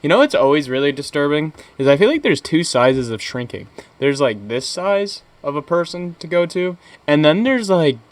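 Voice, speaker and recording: A young man co-hosting a podcast, telling crude stories in a halting, rambling way with many fillers and restarts. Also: a little high, sing-song, dry recording. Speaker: podcast co-host. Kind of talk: casual crude banter.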